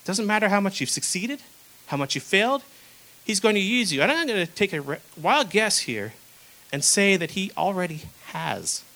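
A man's voice: high-pitched, sing-song, normal speed, sharp tone, low-quality recording. A young man preaching a casual, conversational sermon, acting out the people in the stories he tells.

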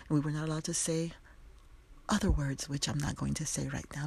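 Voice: mid-range voice, level tone, brisk, gravelly, darkish tone, slightly rough. A podcast host giving a passionate, emphatic solo commentary. They speak straight to the listeners in a conversational way, with asides and laughter.

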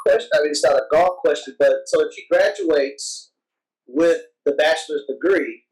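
A man's voice: on the high side, normal speed, a little mellow, recorded from a distance, low-quality recording. Stumbling, upbeat podcast host man. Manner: restarts and stumbles, enthusiastic. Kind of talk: casual chat.

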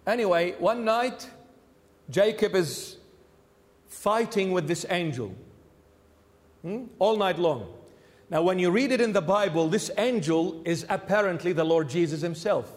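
A bishop with a high male voice preaches a sermon in a church, his words echoing through a large hall. He tells the story animatedly, acting out each of its characters.

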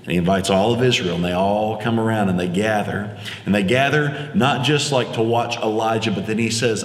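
Low-voiced preacher man in an echoey hall. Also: fairly quick. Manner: casual storytelling with fillers. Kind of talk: conversational sermon. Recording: echoey hall with long reverb.

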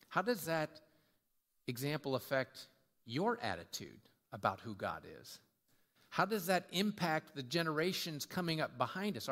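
A man's voice: on the high side, fairly bright tone. A man preaching a sermon as pastor, conversational and full of rhetorical questions. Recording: long reverb of a large hall.

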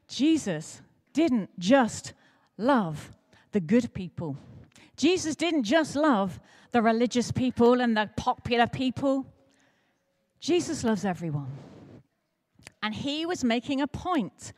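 A woman preaching at an all-age church service, telling a story in a playful, animated way and speaking directly to the children. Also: fairly high pitch, slow pace. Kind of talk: lively storytelling sermon for children and adults.

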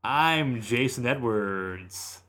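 A young man hosting a podcast from a recording studio, chatting casually in a relaxed, teasing way. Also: medium pitch, drawn-out words. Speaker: podcast host. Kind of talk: casual chat.

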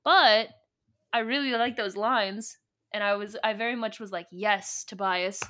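A woman's voice: on the high side, moderate pace, bright, forceful tone. A woman co-hosting a podcast, casually recapping and reading from a book, rambling and joking as she retells scenes. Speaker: podcast co-host.

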